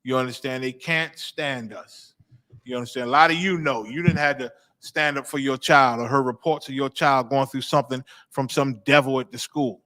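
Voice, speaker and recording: A man's voice: mid-range voice, fairly even intonation, moderate pace, sharp tone. A male host giving preaching commentary, emphatic, repeating phrases and checking in with 'you understand?'.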